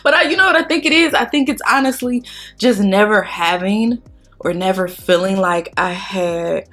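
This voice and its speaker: A woman's voice: mid-range voice, moderate pace, a bit bright. A young adult woman chatting casually and candidly while doing her makeup, swearing freely and crying as she thanks her viewers. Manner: candid, profane, tearful and emotional. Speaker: beauty vlogger.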